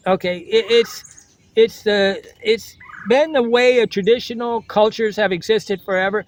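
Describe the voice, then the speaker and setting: A man's voice: high-pitched, unhurried, a little hiss or hum. An older man giving a blunt, lecturing motivational monologue to his vlog viewers and repeating his slogans. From United States. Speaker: travel vlogger.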